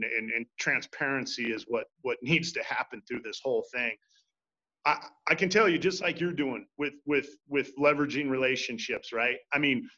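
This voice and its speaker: A man's voice: a little high, fairly bright tone. A man hosting sports talk, emphatic and passionate, often stumbling over restarts as he builds to heated appeals. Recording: dull lo-fi audio.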